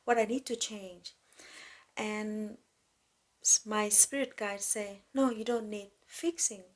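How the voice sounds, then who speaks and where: Slow, gentle woman speaking softly. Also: medium pitch, fairly even intonation. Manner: gentle, slow, soothing, non-native grammar. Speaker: podcast host. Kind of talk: spiritual self-help talk.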